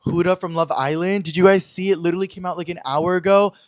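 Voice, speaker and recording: Young male podcast host, slightly high voice, dry close sound; gossipy storyteller who acts out every line of dialogue. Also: steady tone, quick pace, no room sound. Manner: chatty, dramatic, slangy, acts out quoted dialogue. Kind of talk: casual storytelling chat.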